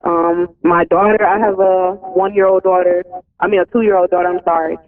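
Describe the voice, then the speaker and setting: A woman's voice: lowish voice, little pitch movement, moderate pace, recorded from a distance. A woman from Alabama, calling in to a radio show and explaining hesitantly and politely. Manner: hesitant, polite, says ma'am. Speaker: caller. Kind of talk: phone-in call. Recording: tinny phone line on radio.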